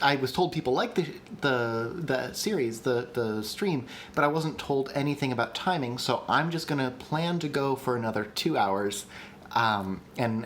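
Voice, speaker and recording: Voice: mid-range voice, a bit bright, a little hiss or hum. A livestream host teaching language creation in a chatty, enthusiastic way, with frequent ums and restarts. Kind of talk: casual livestream lesson.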